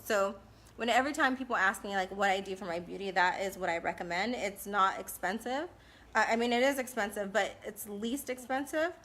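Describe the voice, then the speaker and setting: With a medium pitch and a fairly bright tone, a California woman in her thirties runs a live-stream Q&A. She answers her viewers bluntly and casually, laughing often.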